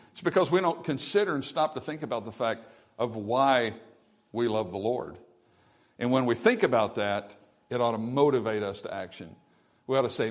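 A man's voice: mid-range voice, animated, normal speed, long pauses. A man preaching a sermon, reading scripture and asking the congregation "Amen?" as he goes. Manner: emphatic preaching with call-and-response "Amen?"; swings between loud emphatic quotes and quieter asides. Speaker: pastor.

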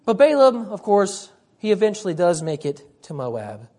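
A woman's voice: mid-range voice, sing-song, moderate pace, warm tone. A woman preacher delivering a sermon, emphatic, repeating her points and often urging "listen".

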